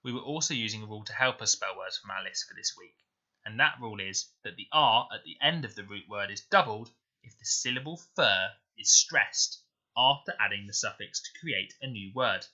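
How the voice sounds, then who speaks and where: Male teacher, crisp bright voice, deliberate spelling lesson, lo-fi dull recording. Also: lowish voice, animated. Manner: slow, clear, sounding out words deliberately. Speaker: primary school teacher.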